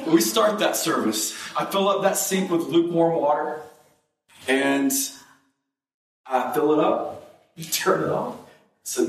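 A man preaching a sermon and telling a personal story, his voice jumping up high when he gets excited. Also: a little slow, long pauses, roomy sound, distant mic, low-quality recording.

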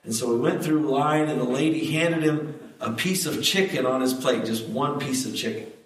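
A man preaching a sermon, telling stories in a lively way and acting out the voices he quotes. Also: medium pitch, normal speed. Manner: storytelling, animated, acts out quoted voices. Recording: echoey hall, mic at a distance.

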